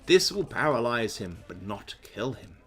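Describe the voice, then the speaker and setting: A man voicing a stern, tired old male wizard in a calm, measured way. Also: medium pitch, breathy edge. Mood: weary, calm. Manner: calm, slow, measured reading.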